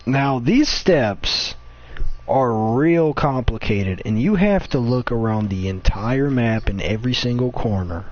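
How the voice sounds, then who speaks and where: A man's voice: mid-range voice, expressive, unhurried. A young man streaming and chatting with a friend, telling stories with lots of swearing and giggling. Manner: profane, giggly storytelling. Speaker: streamer reacting to old clips. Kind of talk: casual chat with a friend. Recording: dull lo-fi audio with faint hiss.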